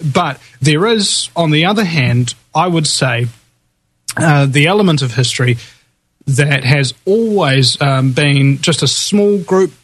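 A man's voice: on the high side, slow, fairly bright tone, husky. A man on a talk radio show, explaining his views at length in a thoughtful way, with many uhs.

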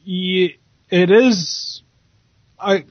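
A man on a slightly muffled internet call, his voice a touch higher than most men's and very dry, with no room sound at all. He chats casually as a radio host, joking and rambling, often restarting his words. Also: fairly even intonation, very slow, no echo. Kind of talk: casual podcast chat.

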